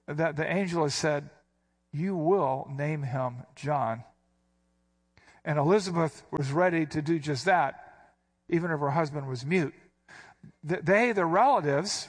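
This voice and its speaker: A man preaching a sermon, teaching verse by verse in an emphatic, explaining manner. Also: on the high side. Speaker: pastor.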